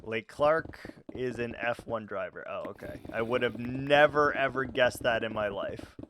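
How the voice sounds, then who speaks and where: A man's voice: mid-range voice, measured pace, fairly bright tone, slight background noise. A man streaming live and chatting casually with his viewers, laughing often and stammering through his reactions.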